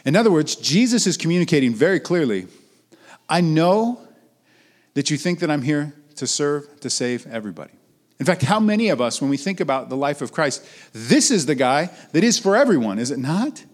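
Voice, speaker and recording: A fairly high-voiced young man preaching to a gathering in an easy, talky way. He pushes up into lively, emphatic questions, then sinks his voice down low and quiet to let a line land. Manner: conversational preaching, swinging between raised emphatic lines and low trailing ones. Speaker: pastor. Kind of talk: sermon.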